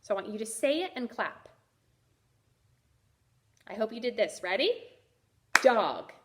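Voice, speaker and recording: A woman teacher giving a first-grade reading lesson, sounding out letters clearly and praising the children. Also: fairly high pitch, expressive, normal speed, background noise. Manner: encouraging.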